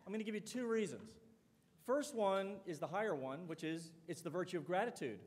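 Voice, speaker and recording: The speaker is a middle-aged man, a college president, whose high voice runs a little fast. He gives a conversational public speech full of anecdotes, acting out quoted lines, and the lecture or dining hall adds long reverb.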